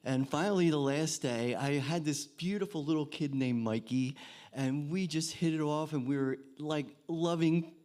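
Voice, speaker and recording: A man in his seventies telling a soft-spoken story at an open mic, his voice drifting quieter as he restarts phrases. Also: on the high side, moderate pace. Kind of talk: spoken storytelling before a song.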